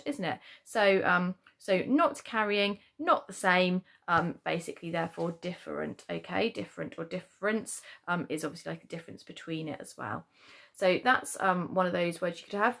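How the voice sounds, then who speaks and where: A woman teaching a spelling lesson to children with a British accent, patiently explaining and checking in with "okay?", slowing down to stress syllables. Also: mid-range voice, vocal fry. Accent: British English. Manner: stresses syllables slowly to demonstrate. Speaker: primary school teacher.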